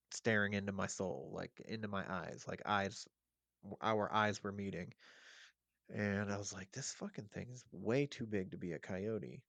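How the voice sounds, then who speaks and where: Low-voiced man telling a wild story. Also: gravelly, no room sound. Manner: animated, profane, rambling with fillers. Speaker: podcast guest. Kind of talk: casual storytelling.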